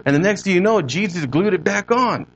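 A man's voice: sits high, lively intonation, brisk, a bit bright, muffled recording, slight background noise, pitched above the performer's own voice. A man voicing a young male ex-gang member with an East Los Angeles accent, retelling a story in blunt street slang. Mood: storytelling.

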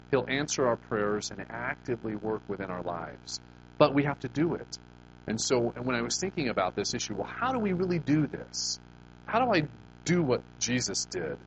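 A man preaches in a relaxed, conversational way. He tells stories and asks his listeners questions, and he often restarts his sentences. His voice sits at a middle pitch, with a faint hum behind it. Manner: conversational storytelling, rhetorical questions, frequent restarts. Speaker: pastor. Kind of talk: sermon.

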